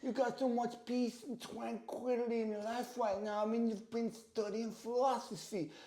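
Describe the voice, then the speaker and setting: A man with a Northern Irish background putting on a high-voiced, soft-spoken boxer who muses about his life. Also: level tone, moderate pace, roomy sound. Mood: musing.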